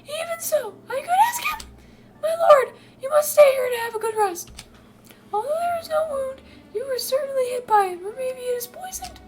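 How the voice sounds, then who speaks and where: A woman doing a shrill, teary young knight. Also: sing-song, moderate pace. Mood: teary pleading. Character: devoted tearful young male knight.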